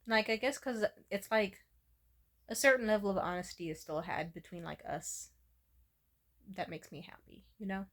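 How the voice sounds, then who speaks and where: Speaking at normal speed, the young woman has a medium-pitched, slightly bright voice and a steady tone. In her confessional vlog she rambles through personal anecdotes openly, cursing often and leaning heavily on "like".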